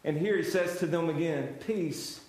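A man's voice: fairly high pitch, moderate pace, a little mellow. A male pastor preaching a sermon, building emphasis through repeated refrains and direct address to the congregation. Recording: very echoey church hall.

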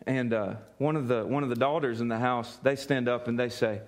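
A man preaching a sermon, telling a story in an animated way, often laughing and repeating words as he goes. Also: medium pitch, fairly quick. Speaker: pastor.

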